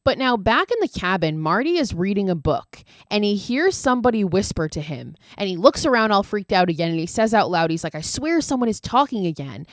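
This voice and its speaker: A woman's voice: medium pitch, animated, a little fast, few pauses, dry recording, clean studio sound. A woman hosting a podcast, casually recapping a film with lots of swearing and gushing asides. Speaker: podcast host.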